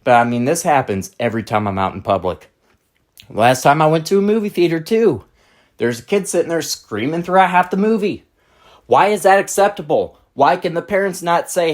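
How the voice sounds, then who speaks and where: A man's voice: high-pitched, expressive, normal speed. Man ranting, exasperated and blunt. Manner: casual slang. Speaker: channel host. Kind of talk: ranting monologue to camera.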